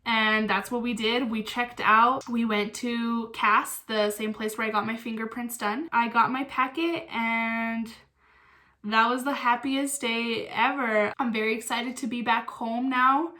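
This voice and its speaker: A woman's voice: on the high side, flat delivery, measured pace, bright, forceful tone. A young woman from Mexico, casually telling a story to the camera and acting out quoted lines. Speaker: vlogger.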